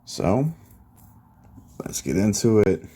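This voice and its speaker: A man's voice: fairly low pitch, big pitch swings, slow pace, dark tone, husky. A man casually recapping a fan-made story in a laid-back, slangy, profane way.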